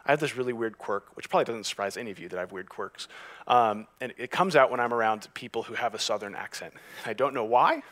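A man preaching a sermon as pastor, moving from hushed, slow passages to emphatic, rising ones, and reading scripture aloud. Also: mid-range voice, animated.

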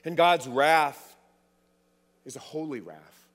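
A man's voice: on the high side, slow, a bit bright, in a large hall. A man preaching a sermon, emphatic, repeating words for stress.

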